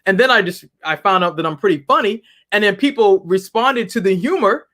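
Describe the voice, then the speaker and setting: A woman business founder as a guest on an interview show, talking in an animated, humorous way with frequent restarts. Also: medium pitch, fairly quick. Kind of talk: interview conversation.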